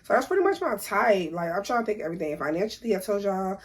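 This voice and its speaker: A woman's voice: mid-range voice, very animated, fast. A young woman, talking casually to camera, blunt and opinionated, repeating her points for emphasis. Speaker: vlogger.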